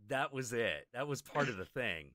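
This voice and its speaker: A man's voice: mid-range voice, moderate pace, dry recording, clean studio sound. A man hosting a stream, telling a long anecdote in casual chat and acting out the people in it. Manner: animated, acts out quoted characters. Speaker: stream host telling a story.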